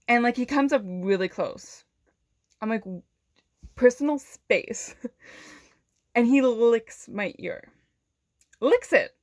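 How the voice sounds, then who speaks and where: Animated young woman telling a story, dry sound. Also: fairly high pitch, no echo. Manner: animated, swears often, laughs between lines; many fillers of "like". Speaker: vlogger. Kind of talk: casual storytelling.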